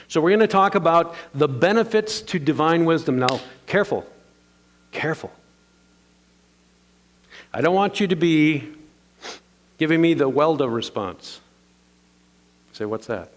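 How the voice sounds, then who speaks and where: A man preaching a sermon as pastor, playful and animated, calling on the congregation to answer back. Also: a little high.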